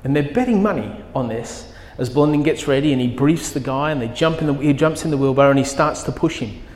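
A man's voice: medium pitch, fast talker, a little mellow. A man preaching a sermon as pastor, telling a story with vivid, emphatic quoted lines. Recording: echoey hall with long reverb.

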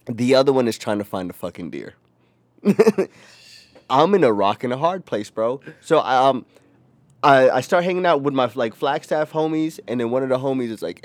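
A young man co-hosting a casual podcast, telling a rowdy story with lots of profanity and loud acted-out quotes. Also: medium pitch, no echo. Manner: animated, profane, acts out quotes in a raised voice. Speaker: podcast co-host.

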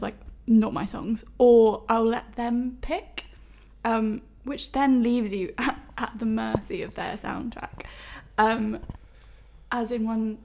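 A woman's voice: on the high side, vocal fry, darkish tone. A woman, telling stories in a casual podcast chat, chatty and self-deprecating with many fillers.

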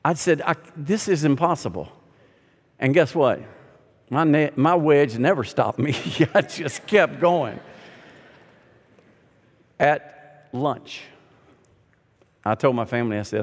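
A middle-aged man preaching a sermon, telling a humorous story in a lively, conversational way. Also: fairly high pitch, takes it slowly, pauses often. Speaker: pastor. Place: large hall or sanctuary. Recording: long hall reverb.

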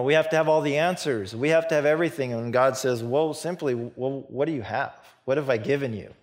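A man delivers a loose, chatty sermon in an average-pitched voice. He tells the story as if talking to friends, laughing lightly and putting on the voices of the people in it. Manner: animated storytelling, acts out dialogue with laughs. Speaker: pastor. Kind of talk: casual sermon.

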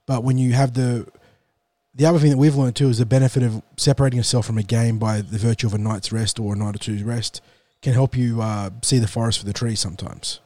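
A man hosting a casual sports podcast, sounding nasal from the flu and talking in a measured, explanatory way. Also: medium pitch, dark tone, no echo. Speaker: podcast host.

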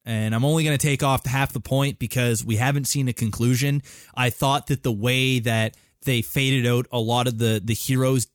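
A man's voice: medium pitch, no echo, clean studio sound. A man co-hosting a gaming podcast, talking casually and rambling with many fillers and restarts. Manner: rambling, halting, swears casually. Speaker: podcast co-host. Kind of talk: casual chat.

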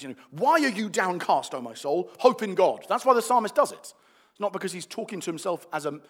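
A man preaching a sermon, animated and building to emphatic declarations. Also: on the high side.

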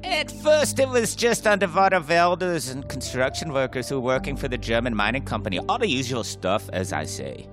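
Guy doing a deadpan german scientist, slow and precise, pitch jumps around, music behind. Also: close to an everyday voice. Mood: explaining. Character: deadpan middle-aged German male scientist.

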